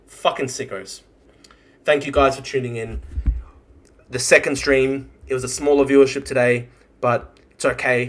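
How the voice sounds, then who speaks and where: A man's voice: medium pitch, fairly bright tone. A young man hosting a live stream, ranting angrily and swearing, repeating phrases for emphasis. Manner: heated, profane, repeats himself for emphasis. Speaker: livestream host. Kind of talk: angry political livestream rant.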